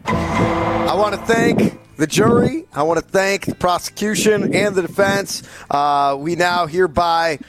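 A man's voice: high-pitched, measured pace, heavy background noise. A man hosting a sports radio bit as a mock judge, speaking in a stern mock-formal way that turns exasperated. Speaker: radio host playing judge.

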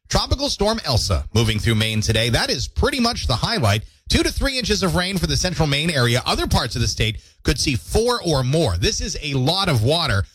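A man hosting a morning radio show, chatty and jokey, his throat squeaky from allergies. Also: sing-song, brisk, hardly any pauses, fairly bright tone, husky, dry recording. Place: radio studio.

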